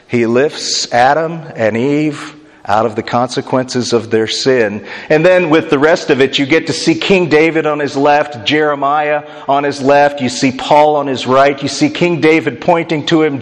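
A male pastor teaching a sermon in a conversational, explanatory way, with chatty asides to the congregation. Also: fairly high pitch. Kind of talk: expository sermon. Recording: long hall reverb.

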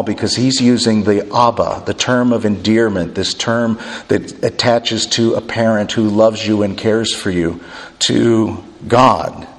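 A male pastor preaches a sermon in an animated way and poses frequent rhetorical questions. His voice sits fairly high for a man. A long hall reverb trails behind his words.

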